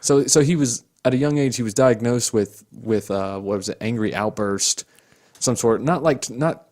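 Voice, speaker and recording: A man's voice: medium pitch, moderate pace, darkish tone. A young man co-hosting a casual true crime podcast, chiming in often with agreement and blunt opinions. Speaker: podcast co-host.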